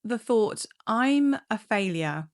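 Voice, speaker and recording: A woman clinical psychologist explaining coping techniques in a calm, measured way. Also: on the high side. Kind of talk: instructional talk to camera.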